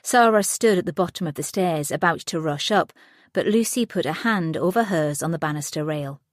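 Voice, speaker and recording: A woman reads an audiobook thriller in a steady, even manner. Her voice sits low, and the dry studio sound keeps her close to the mic. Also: normal speed, no echo. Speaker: audiobook narrator. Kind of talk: scripted narration.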